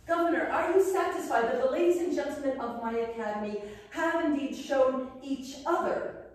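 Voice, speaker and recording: A woman's voice: high voice, normal speed. A woman in costume playing a genteel academy headmistress, instructing a class in manners with prim formality and playful humor. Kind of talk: in-character living-history lesson. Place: large echoey room with a class. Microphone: far camera. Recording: echoey room, voice far from the mic.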